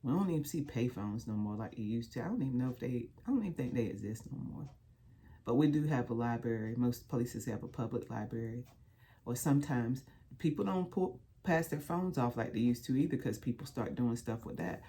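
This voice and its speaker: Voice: mid-range voice, animated, fairly quick, dark tone, slightly rough. A speaker with a mid-range voice talks straight to the camera about hard experience. The delivery is earnest and plainly colloquial. It builds through repeated phrases in a preacher-like rhythm. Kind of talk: heartfelt direct-to-camera talk.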